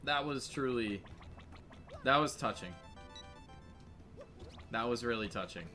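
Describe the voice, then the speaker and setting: A man commentating a let's play, emotional and excitable, laughing often. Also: medium pitch, slow pace, faint music behind. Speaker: gamer playing through a story game.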